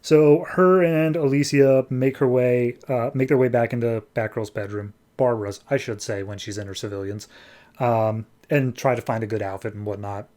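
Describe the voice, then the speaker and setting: A man's voice: mid-range voice, fairly even intonation, normal speed, a little mellow. A man hosting a podcast, chattily recapping a comic book story with lots of filler words. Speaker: podcast host.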